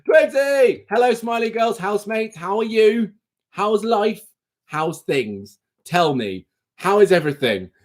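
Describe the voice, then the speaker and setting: Lively young male quiz-stream host. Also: high-pitched, measured pace. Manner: chatty, teasing, reads quiz questions and options aloud. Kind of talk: casual live-stream chat. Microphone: phone.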